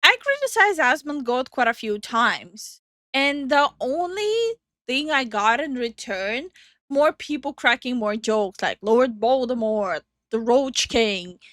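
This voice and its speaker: A woman's voice: a little high, lively intonation, slow, a bit bright, dry recording. A woman co-hosting a react video, making incredulous, dry remarks. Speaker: YouTube react co-host. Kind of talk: casual react commentary.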